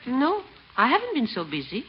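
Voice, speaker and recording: A coy French-accented flirt. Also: female voice, high voice, huge pitch swings, normal speed, slightly rough, exaggerated voice. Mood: teasing. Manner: coy, teasing. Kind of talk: 1940s radio acting. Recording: dull old radio broadcast.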